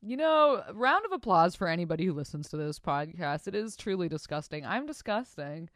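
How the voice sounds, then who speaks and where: A podcast host, a woman with a slightly low voice, talks casually and swears freely. She reads out listener stories and breaks off into exaggerated, disgusted reactions. The sound is dry and close. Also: very animated, fairly quick, no echo. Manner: crude, profane, swings into mock-disgusted reactions.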